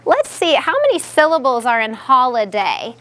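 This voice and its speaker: A woman teacher in a classroom, patiently guiding young students and sounding out words slowly. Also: sits high, very animated, a bit bright.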